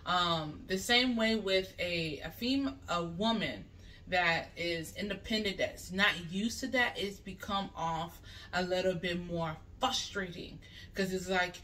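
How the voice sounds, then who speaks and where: A woman's voice: on the low side, normal speed, pushed and bright, a little hiss or hum. A woman vlogger giving relationship advice in a casual, chatty way, often checking in with "you know what I mean" as she talks it through. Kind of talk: casual advice talk to camera. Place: bathroom. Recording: voice a bit far from the mic.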